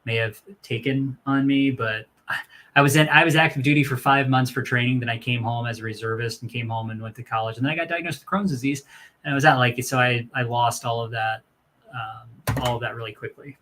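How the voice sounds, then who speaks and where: A man's voice: medium pitch, steady tone, brisk, bright, forceful tone. Chatty man telling rambling stories. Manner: rambling storyteller, many restarts. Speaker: co-host. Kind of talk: casual chat.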